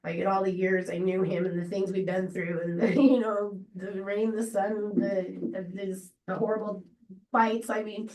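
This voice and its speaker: A woman giving an unscripted memorial tribute to a friend, halting and rambling with many fillers and restarts. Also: medium pitch, level tone, darkish tone. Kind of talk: emotional unscripted memorial speech. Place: memorial gathering room. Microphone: distant laptop or room mic on a video call. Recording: roomy, distant video-call audio.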